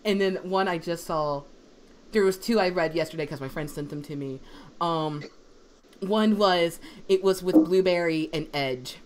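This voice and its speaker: A woman in education co-hosting a casual livestream, chatty and swearing freely, her voice strained from yelling. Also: fairly low pitch, a little slow, a little hiss or hum. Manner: chatty storyteller, swears freely, acts out quotes.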